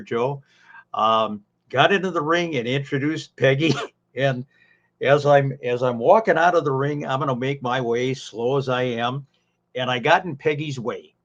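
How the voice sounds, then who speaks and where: A man co-hosting a podcast, an unhurried storyteller who drifts into folksy asides and fillers. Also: medium pitch, muffled recording. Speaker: podcast co-host, former ring announcer. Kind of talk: casual podcast chat.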